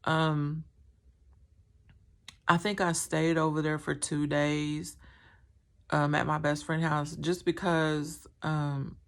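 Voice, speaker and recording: A woman's voice: deep voice, level tone, takes it slowly, pauses often. A woman telling a painful personal story to camera, candid and rambling, with many fillers and a strained, emotional tone. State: emotional, recounting trauma.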